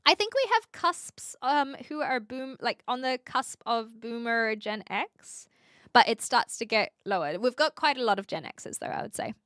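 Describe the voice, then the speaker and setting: A woman chats loosely with her livestream audience, reading messages aloud and answering between ums and restarts. Her voice sits a little high, and the sound is dry and close with no room around it. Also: animated, moderate pace, a bit bright, no room sound. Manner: chatty, reads chat aloud, frequent ums and restarts. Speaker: streamer. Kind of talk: casual livestream chat.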